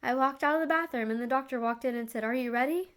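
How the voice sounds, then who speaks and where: Young woman vlogger, slightly high voice, earnest and confiding storytelling, loose with fillers and restarts. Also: fast talker, a bit bright. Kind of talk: emotional personal storytelling.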